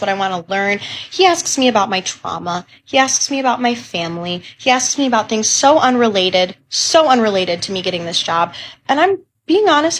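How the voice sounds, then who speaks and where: Shaken young woman retelling in disbelief. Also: fairly high pitch. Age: 20s. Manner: animated, incredulous retelling. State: shaken and upset after crying. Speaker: job seeker. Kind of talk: venting storytime to camera.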